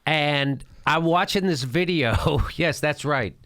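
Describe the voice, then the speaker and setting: A man's voice: on the high side, takes it slowly, no echo, clean studio sound. A middle-aged man hosting a show, chatting jokily and laughing as he comments on a video. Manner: jokey, animated, laughs often. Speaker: host. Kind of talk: casual comedic commentary.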